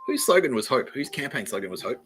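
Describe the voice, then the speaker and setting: A man's voice: mid-range voice, very animated, fast talker, over music, rough recording. A man, hosting a comedy podcast and telling a crude, profane story, often laughing at his own jokes and mimicking others. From Australia. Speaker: podcast host.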